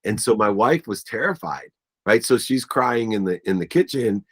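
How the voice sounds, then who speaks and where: A man with a fairly low voice speaks as a guest in an interview. He tells emotional personal stories, slipping into the voices of family members, and gets choked up as he goes. His delivery stays earnest and animated through it all. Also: moderate pace, husky. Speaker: guest, business coach.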